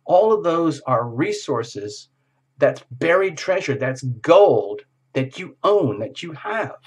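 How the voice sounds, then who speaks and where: A man's voice: on the high side, sing-song, takes it slowly, slightly rough. A man giving a casual tarot reading in a playful, theatrical way, acting out little scenes as he goes. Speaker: tarot reader.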